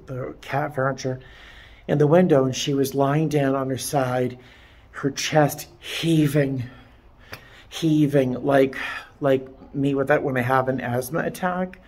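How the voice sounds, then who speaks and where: Gravelly, slow-talking distraught man. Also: mid-range voice. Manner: halting, rambling with many restarts. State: upset, close to tears. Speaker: vlogger. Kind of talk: emotional personal vlog. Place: veterinary clinic.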